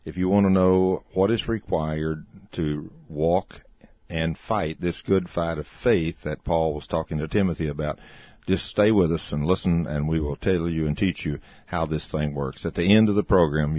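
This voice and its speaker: A man's voice: rumbling low, fairly even intonation, moderate pace, no echo, lo-fi sound. A man introducing his radio ministry program in a formal announcing style.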